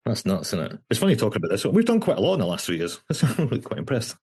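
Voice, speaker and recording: A man's voice: medium pitch, wildly swooping pitch, rapid-fire, darkish tone, slightly rough. A Scottish man hosting a podcast in casual chat, chatty and dry, laughing often at his own jokes. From Scotland. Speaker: podcast host.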